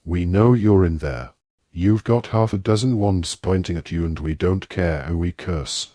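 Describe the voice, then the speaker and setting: An adult man voicing a savage, gloating male werewolf with a rasping voice. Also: low voice, a little slow, warm tone, no echo. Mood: gloating menace. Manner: gloating, snarling.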